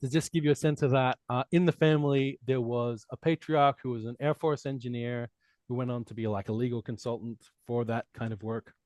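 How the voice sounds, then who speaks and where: A man from Australia with an accent that blends Australian and American Midwest sounds, talking casually as a guest and telling animated stories with frequent restarts. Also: medium pitch, fairly quick, no echo. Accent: Australian mixed with American Midwest. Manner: animated storytelling with repeated restarts. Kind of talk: casual conversation.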